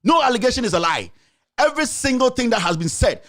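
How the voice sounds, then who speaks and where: A man's voice: extremely high pitch, sing-song, quick pace, fairly bright tone. A man with a Ghanaian accent hosting a show, delivering impassioned political commentary full of rhetorical questions and confrontation. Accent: Ghanaian English. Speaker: host.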